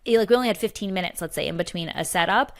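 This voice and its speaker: A young adult woman with a lowish voice races through stories while co-hosting a podcast. The chat is casual, and she's a chatty storyteller full of fillers and restarts.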